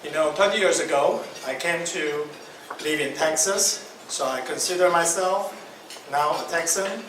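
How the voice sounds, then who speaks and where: A man's voice: fairly high pitch, measured pace. A man speaking as a guest speaker at an awards ceremony, reading a prepared letter. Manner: reads from a prepared letter, light joking asides. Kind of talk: formal ceremony speech. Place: large banquet hall. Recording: echoey banquet hall, distant mic, noisy.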